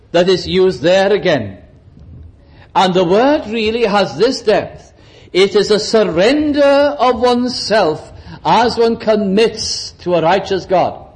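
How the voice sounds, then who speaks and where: A man's voice: sits high, a little mellow, poor audio. A man preaching a sermon, dramatic, shifting his pace and acting out quotes for emphasis.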